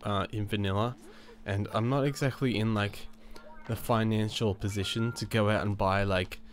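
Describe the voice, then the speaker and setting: A man's voice: lowish voice, fairly even intonation, moderate pace, a little hiss or hum. A man with a stuffed-up cold, casually commenting on his life-sim game with lots of fillers, restarts and chuckles. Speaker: gaming channel host. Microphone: new desk microphone.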